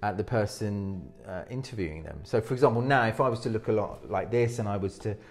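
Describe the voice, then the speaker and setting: A man's voice: on the low side, fairly quick, faint music behind. A man giving presentation advice in an interview as a speaking coach. He talks energetically, often restarting his sentences, and demonstrates techniques as he goes.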